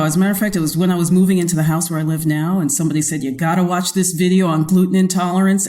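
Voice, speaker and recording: A woman's voice: lowish voice, a little mellow. A woman hosting an interview in casual chat, talking freely and laughing often, with many restarts. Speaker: podcast host.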